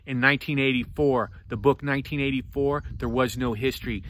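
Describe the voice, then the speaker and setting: Fired-up ranting man, bright forceful voice. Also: steady tone, brisk, slight background noise. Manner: fervent, preachy, swings between loud and low. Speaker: book reviewer. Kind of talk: impassioned vlog rant.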